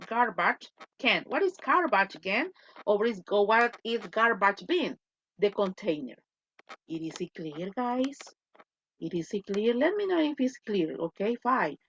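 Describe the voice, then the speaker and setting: Woman teacher on a video call, animated and higher-pitched, keeps checking "okay?", faint noise behind. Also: slow pace. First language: Spanish. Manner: switches between English and Spanish, repeats points, asks "okay?". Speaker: English teacher. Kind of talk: online class lecture. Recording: dull lo-fi audio.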